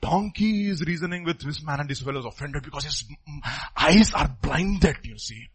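A middle-aged man preaching a sermon, emphatic, repeating phrases and swinging between loud and soft. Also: a little high, lively intonation, moderate pace, rough recording.

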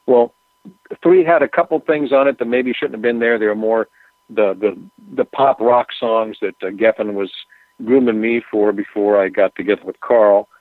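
A man, a musician guest, telling rambling anecdotes in a relaxed, casual interview with plenty of fillers. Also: on the low side, moderate pace, dry recording. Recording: tinny phone line.

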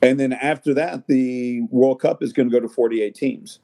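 Guy rambling about soccer on a podcast, mellow voice, tons of uh and you know. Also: medium pitch, steady tone, moderate pace. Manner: rambling, many fillers and restarts. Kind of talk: casual chat.

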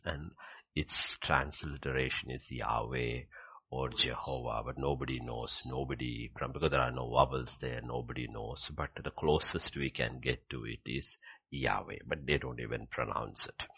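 Deep gravelly preacher guy, sermon, keeps saying okay, goes loud then drops to a whisper. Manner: swings from loud emphatic bursts to hushed, whispered scripture reading; repeats key phrases, says "okay" often.

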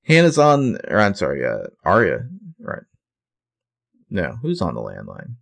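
A man's voice: deep voice, huge pitch swings, measured pace, vocal fry. A man co-hosting a podcast, casually retelling a TV episode scene by scene with fillers and self-corrections. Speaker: podcast co-host recapping a TV episode. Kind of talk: casual chat.

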